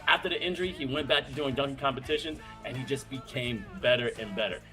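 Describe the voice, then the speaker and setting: A man hosting a live-streamed talk show, hyped and slangy, full of shout-outs, with faint music behind him. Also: medium pitch, fast talker. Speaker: host.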